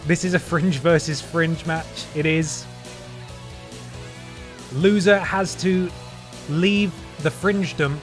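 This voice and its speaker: Streamer joking through wrestling commentary. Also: male voice, a little high, steady tone, slow pace, pauses often, soft background music. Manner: jokey mock-announcer delivery with asides. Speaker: gaming streamer. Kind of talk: playful wrestling commentary over gameplay.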